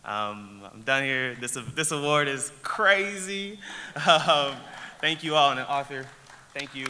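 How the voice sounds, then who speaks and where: Bright young man, choked up at the podium. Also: mid-range voice, animated. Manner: halting, with many restarts and fillers. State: choked up with emotion. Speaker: award recipient. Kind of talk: emotional acceptance speech. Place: large event hall. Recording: long hall reverb, faint noise.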